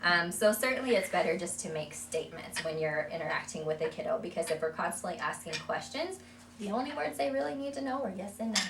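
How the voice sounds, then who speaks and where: Woman, speech therapist, conversational with fillers, lowish voice, echoey room, far from the mic, background noise. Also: animated, fast. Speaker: early childhood speech therapist. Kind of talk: explaining strategies to parents.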